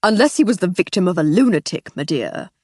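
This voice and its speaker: A woman voicing a slightly drunk, blustering red-faced gentleman in an audiobook. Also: lowish voice, lively intonation, a little fast, no room sound, clean studio sound.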